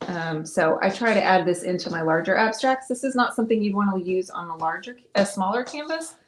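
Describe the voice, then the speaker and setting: A sociable, upbeat middle-aged woman streams herself painting live, explaining each brushstroke in an easygoing, friendly tone. Her ordinary mid-pitched voice is expressive and fairly quick, and some slight background noise can be heard.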